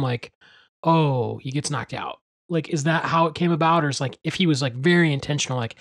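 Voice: medium pitch, moderate pace, dry recording, studio quality. A podcast co-host who chats playfully and jokes around. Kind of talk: casual chat.

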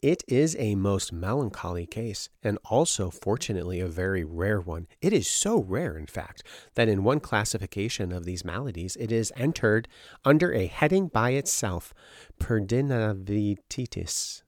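A man's voice: fairly low pitch, animated, normal speed, few pauses, no echo, studio quality, natural voice. A man reading aloud and putting on the voice of a pompous old English psychologist. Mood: fussy.

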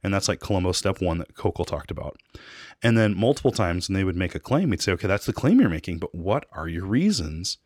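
A man's voice: deep voice, big pitch swings, quick pace. A man co-hosting a podcast, talking casually and reviewing a debate, with frequent restarts and asides. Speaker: podcast co-host.

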